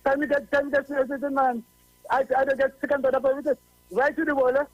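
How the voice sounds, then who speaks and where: Trinidadian man caller, very high voice, preachy and repetitive, dull lo-fi line. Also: flat delivery, fast, no echo, soft background music. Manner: preachy, repeats himself for emphasis. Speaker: radio caller. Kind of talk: call-in radio talk.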